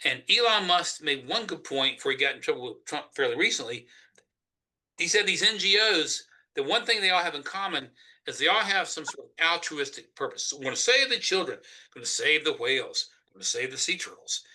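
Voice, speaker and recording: A man's voice: on the high side, lively intonation, brisk. A man with a Southern US accent, speaking emphatically as a Senate candidate in a political interview. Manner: emphatic, forceful argument.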